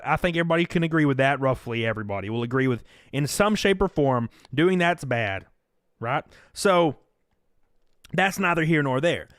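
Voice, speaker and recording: Southern guy, young, live-stream host, lively and foul-mouthed, dry close mic, slightly high voice. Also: no echo. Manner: animated, profane, reads out chat donations. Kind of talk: casual live-stream commentary.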